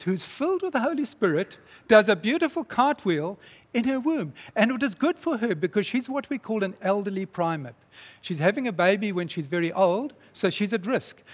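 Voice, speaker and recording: A man preaching, retelling a story in a dramatic, animated way. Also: high-pitched. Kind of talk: sermon storytelling. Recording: long reverb in a large hall.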